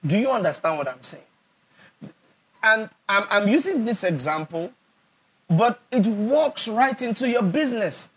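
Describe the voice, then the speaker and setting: A husky, fairly bright, high-pitched male voice, animated and measured in pace, belongs to a Nigerian pastor giving a sermon. He is emphatic, repeats phrases for effect, and often asks listeners whether they understand.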